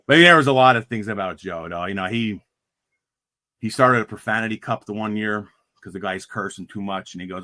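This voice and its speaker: Low rambling man from Pennsylvania. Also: a little fast, pushed and bright, no echo, studio quality. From Pennsylvania coal region. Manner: rambling, many fillers and restarts. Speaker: former player, guest. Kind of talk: casual storytelling.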